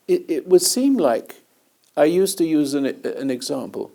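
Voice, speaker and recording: Gravelly, mellow-voiced man telling stories. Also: a little high, lively intonation, moderate pace. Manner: rambling anecdotes with chuckles. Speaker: host and spiritual teacher. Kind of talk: storytelling in conversation.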